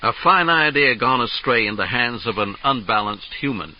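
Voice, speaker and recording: A man voicing a calm, logical male alien officer in a measured, precise, detached way, on a dull lo-fi 1970s tape. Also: mid-range voice, lightly acted. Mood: cool, logical.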